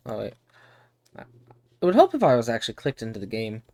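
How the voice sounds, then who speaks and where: A man's voice: mid-range voice, wildly swooping pitch, brisk, vocal fry, darkish tone. A young man chatting casually as a game streamer, laid-back and chatty with the odd swear word.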